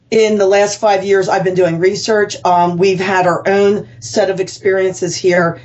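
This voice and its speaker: A woman's voice: medium pitch, a little mellow. Rambling woman author, lo-fi sound. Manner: rambling, earnest, with self-corrections and fillers. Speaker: author guest. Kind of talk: interview, personal storytelling. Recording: dull lo-fi sound.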